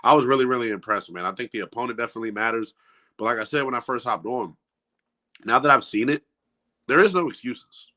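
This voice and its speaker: A man breaking down a basketball game in a bright, forceful voice, animated and full of slang. He talks in a loose podcast chat. He's a guest analyst sitting in a studio. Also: mid-range voice, fast talker. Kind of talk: casual sports podcast chat.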